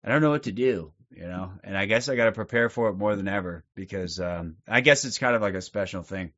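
A man's voice: fairly low pitch, animated, moderate pace, fairly bright tone. Rambling, profane man on a lo-fi livestream. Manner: rambling, profane, many fillers. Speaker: livestream host. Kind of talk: casual livestream monologue. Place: sitting on a couch at home.

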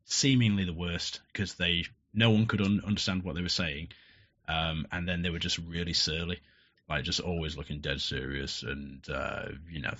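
Man, deep, forceful, plainspoken, casual interview, dull lo-fi sound. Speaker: guest. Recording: muffled lo-fi audio.

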